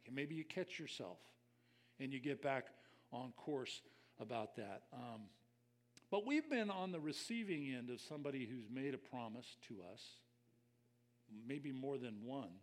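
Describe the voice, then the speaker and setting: A man's voice: mid-range voice, lively intonation, measured pace, long pauses. An older man preaching a conversational sermon as a pastor, reflective and personal, speaking straight to his listeners.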